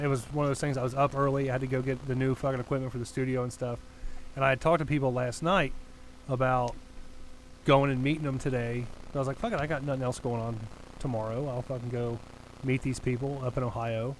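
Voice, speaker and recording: A young podcast co-host tells his fellow hosts a rambling, profane story in a casual chat, his voice at an ordinary middle pitch with fairly even intonation and a brisk pace. The recording is rough, with a faint hiss of background noise underneath.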